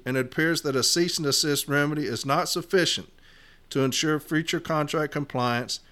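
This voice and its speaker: With a medium-pitched, slightly bright voice, this podcast host and union steward reads contract wording aloud emphatically. He earnestly walks through a labor arbitration decision during the episode.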